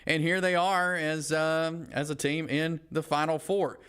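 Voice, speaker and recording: A man's voice: fairly high pitch, little pitch movement, unhurried, a bit bright, clean tone. A man with a Southern American accent hosting a sports talk show, chatting casually with frequent fillers. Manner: conversational, many "uh" fillers.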